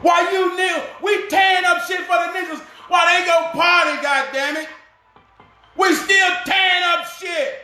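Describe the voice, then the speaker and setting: Fiery high-pitched man ranting. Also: steady tone, moderate pace, bright, forceful tone, reverberant, shouting, faint music behind. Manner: fiery, profane, preaching. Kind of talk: impassioned rant to camera.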